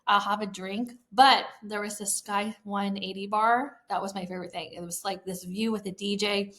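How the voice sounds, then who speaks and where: A woman in her thirties talks through her own story on a solo podcast. Her voice sits at a middling pitch, and she sounds enthusiastic and heartfelt, dropping casual fillers as she goes. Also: fairly even intonation, moderate pace, a bit bright. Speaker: podcast host. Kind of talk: personal storytelling monologue.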